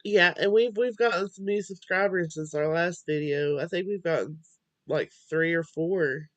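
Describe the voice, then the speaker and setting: A young woman speaking slowly and hesitantly, sounding drowsy, hosting a casual home video chat. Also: lowish voice, no room sound, lo-fi sound. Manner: slow, hesitant, halting with many fillers. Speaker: vlog host.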